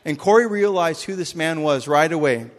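A man's voice: on the high side, normal speed, big-room sound. A man preaching a sermon as a pastor, earnest and storytelling, acting out the characters of a parable as he speaks.

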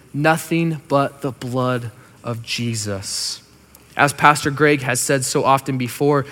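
Man, pastor, slightly high voice, emphatic sermon delivery, hushed asides, long hall reverb. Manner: preaching with slow emphatic lines and soft, hushed asides.

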